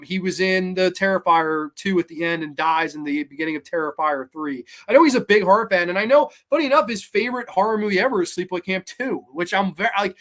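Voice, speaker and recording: A man hosts a podcast, rambling through a casual review of a horror movie. He talks bluntly and swears freely, with lots of fillers and restarts, in a voice a little higher than most men's. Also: a bit bright. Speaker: podcast host.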